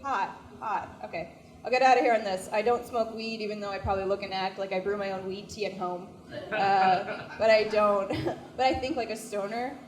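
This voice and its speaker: A woman's voice: medium pitch, steady tone, normal speed. A young woman doing a stand-up comedy set, chatty and self-deprecating, with lots of "like". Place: small comedy venue, indoors. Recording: echoey live comedy venue.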